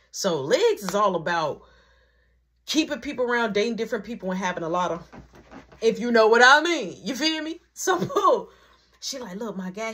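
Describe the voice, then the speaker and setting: Husky-voiced woman telling a lively story. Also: on the low side. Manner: animated, acts out every quoted voice. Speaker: vlogger. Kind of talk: casual storytime vlog.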